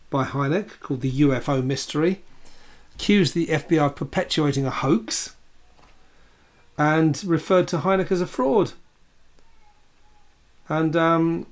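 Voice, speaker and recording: Male podcast co-host with a slightly high voice and a measured, notes-based delivery. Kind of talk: casual chat.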